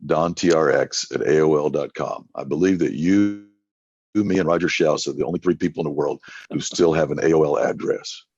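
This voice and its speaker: A man's voice: very deep voice, fairly quick, darkish tone. A male evangelist telling folksy stories in an interview, often acting out what people said. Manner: folksy anecdotes with acted-out quotes. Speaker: evangelist guest. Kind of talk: storytelling in a podcast interview. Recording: dull lo-fi sound.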